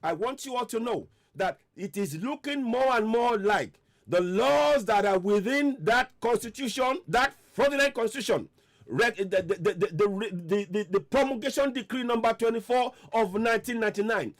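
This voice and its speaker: A man hosting a radio commentary, his voice pitched high and swinging widely as he presses his point. He piles up repeated rhetorical questions with mounting force. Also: animated, normal speed. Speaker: online radio host. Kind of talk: impassioned political commentary.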